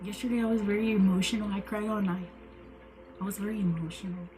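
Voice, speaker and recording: A woman's voice: medium pitch, fairly even intonation, fast, warm tone. A tired woman hosting a tarot livestream, chatting casually, rambling, repeating herself and swearing freely. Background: background music.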